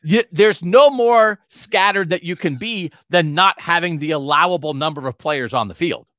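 A man's voice: a little high, normal speed, a bit bright, dry recording, studio quality. A man co-hosting a sports podcast, chatting animatedly and thinking aloud. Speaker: podcast co-host. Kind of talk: casual sports talk podcast.

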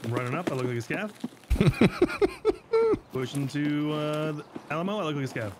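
A man's voice: fairly high pitch, moderate pace, background noise. A man playing a shooter game with friends, making wary callouts and dry jokes over a headset mic. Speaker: squad teammate. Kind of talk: casual gaming chat.

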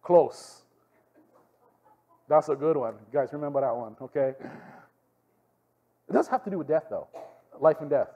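A man's voice: on the high side, unhurried, pauses often, slightly rough, dull audio. A man with a Hawaiian Pidgin-tinged accent teaching a youth group, telling stories animatedly and checking in with "okay?". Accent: Hawaiian Pidgin-tinged English. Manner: animated storytelling, frequent "okay?" asides to the room. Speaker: youth pastor.

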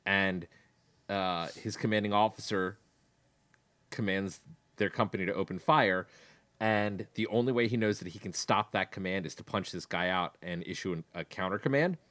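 A man with a fairly low voice co-hosts a casual book discussion podcast. He talks in a blunt, sarcastic, laid-back way. The sound is dry and close-miked. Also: normal speed, fairly bright tone, no room sound. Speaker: podcast co-host.

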